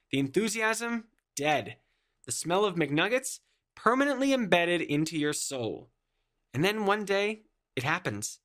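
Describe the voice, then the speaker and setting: A sarcastic storyteller narrates a scripted comic story with exaggerated emphasis. The voice is bright and sharp, and its pitch swings up and down in a lively way. Each punchline gets a dry twist.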